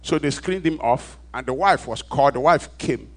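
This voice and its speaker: A man with a Nigerian accent preaching a storytelling sermon, dropping to hushed asides and rising to loud emphatic calls, asking the congregation for responses. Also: medium pitch, normal speed.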